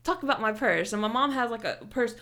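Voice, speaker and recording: Animated young woman, high voice. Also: fast talker. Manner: heated, animated retelling with heavy swearing and many "like" fillers. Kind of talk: casual storytelling chat.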